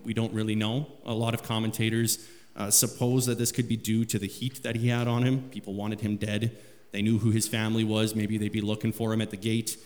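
A man's voice: level tone, a little fast, darkish tone. A man preaching a sermon, reading scripture aloud with rising emphasis. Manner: rises in pitch and volume when reading scripture aloud. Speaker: pastor. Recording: long hall reverb.

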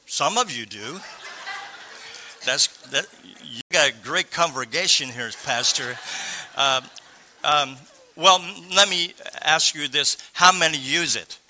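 Guy preaching a sermon, kinda sore voice, stops and restarts a lot, really bright sharp tone. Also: fairly high pitch, a little hiss or hum. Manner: halting, with frequent pauses and restarts. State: slightly sore voice. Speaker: guest speaker.

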